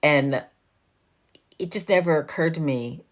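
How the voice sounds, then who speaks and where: A woman's voice: deep voice, measured pace. A woman in her fifties, from New York, chatting casually with viewers on a livestream, laughing often and swearing freely. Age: 50s. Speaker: livestream host.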